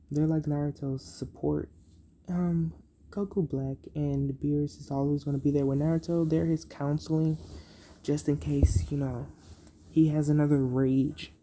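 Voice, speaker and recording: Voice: medium pitch, dark tone. A storyteller casually narrating an improvised fan-fiction story, rambling with many ums and "so, yeah" fillers.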